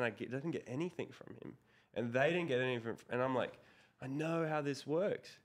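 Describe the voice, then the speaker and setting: A young man telling a story in a casual interview. He rambles with lots of fillers and curses. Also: medium pitch. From Australia. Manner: rambling, heavy swearing, filler-laden. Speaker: guest, pro BMX rider.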